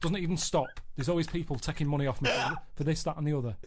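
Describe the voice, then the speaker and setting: A man with a Mancunian accent, talking in a deadpan, blunt way in a casual radio chat. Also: fairly high pitch, very fast, a little hiss or hum. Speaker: regular radio guest.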